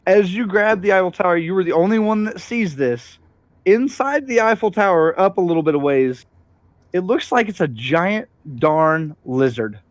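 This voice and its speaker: A man runs a tabletop game as its narrator, his voice sitting a bit high and easygoing. He pauses on fillers as he describes the scene. A faint hiss runs underneath. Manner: relaxed, chuckling narration with fillers. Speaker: game master.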